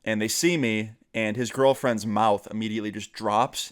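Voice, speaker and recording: A man's voice: on the low side, steady tone, normal speed. A young man vlogging a casual storytime, chatty and full of fillers, slipping into the voices of the friends he quotes.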